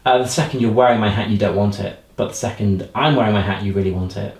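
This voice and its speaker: A man, a hypnotist giving playful suggestions and slow countdowns. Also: fairly low pitch, darkish tone. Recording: roomy echo.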